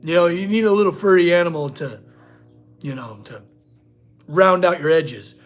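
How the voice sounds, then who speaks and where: This blacksmith livestream host talks with his viewers and his dog in a relaxed session from the workshop. He speaks at a moderate pace in a voice on the high side.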